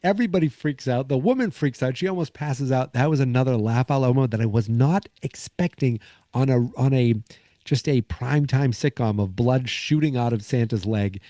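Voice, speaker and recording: Speaking at a moderate pace with a dark, medium-pitched voice, a man hosting a podcast rambles through a sitcom episode recap, performing bits of its dialogue. The studio sound is clean, without echo.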